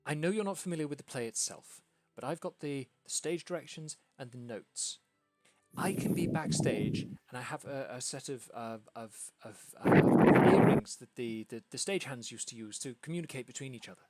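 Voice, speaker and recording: A man's voice: medium pitch, expressive, moderate pace, over music, voice pushed up, lightly acted. A man voicing an anxious, eager woman who runs a theatre, stammering and repeating his words.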